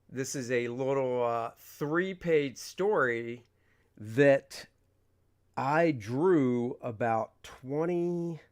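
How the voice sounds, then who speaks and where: A man, a comic artist, chatting casually on a livestream, rambling, reading viewer questions aloud and acting out his panels. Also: a little high. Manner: rambling, reads chat aloud, acts out panels.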